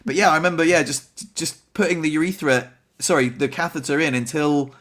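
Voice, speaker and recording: A man's voice: on the high side, steady tone, a little fast, a bit bright. A young man hosting a podcast, talking casually and rambling with a self-deprecating humor. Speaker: podcast host. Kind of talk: casual chat.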